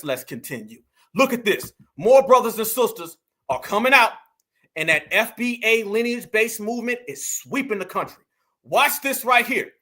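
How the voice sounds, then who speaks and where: A man's voice: fairly high pitch, bright, forceful tone. A man from the United States, hosting impassioned commentary and rousing his viewers, speaking directly to them. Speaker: political commentary host. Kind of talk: impassioned live-stream commentary.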